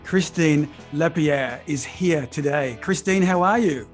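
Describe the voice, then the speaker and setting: A man's voice: on the high side, measured pace, faint music behind. Upbeat man hosting a podcast. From Australia. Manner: upbeat, effusive, repeats his praise. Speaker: podcast host. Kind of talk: enthusiastic interview chat.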